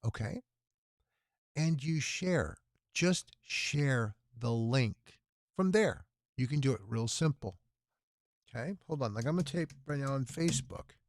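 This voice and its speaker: A man's voice: medium pitch, animated, a little slow, no echo, studio quality. A sleep-deprived man hosting a long livestream telethon, chatting to viewers and muttering to himself while he types at his computer. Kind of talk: casual livestream chat to viewers.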